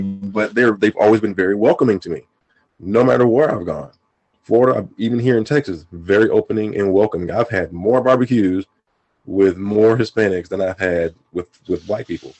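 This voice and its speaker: A man's voice: on the low side, moderate pace, darkish tone, poor audio. A man speaking earnestly in a casual podcast chat, rambling with frequent restarts.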